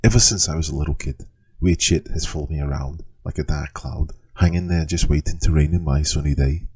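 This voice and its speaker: A man's voice: extremely low pitch, fairly quick, a little mellow, slightly rough, exaggerated voice. A man voicing a young male kender sorcerer who tells his strange backstory in a Liverpool accent, wry and chatty. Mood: wry storytelling. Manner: wry, storytelling.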